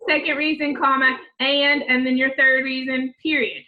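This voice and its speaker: A woman's voice: sits high, flat delivery, normal speed, dull audio. A woman teacher giving remote class instructions to children, patiently repeating each step.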